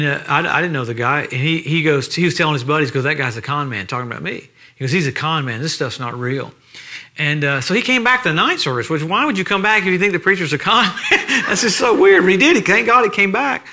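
A man preaching a sermon in a church, telling stories with animated, laughing energy. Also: a little high, fast talker.

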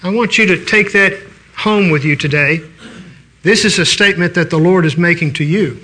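A man's voice: high voice, moderate pace, bright, forceful tone. An older man preaching a sermon in a folksy, conversational way, telling stories and restarting his sentences.

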